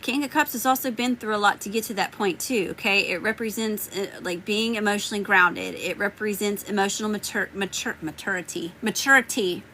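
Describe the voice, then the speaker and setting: A woman's voice: medium pitch, fairly quick, hardly any pauses, pushed and bright, slight background noise, low-quality recording. A woman with a Southern US accent giving live tarot readings, chatting and greeting viewers by name. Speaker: tarot reader.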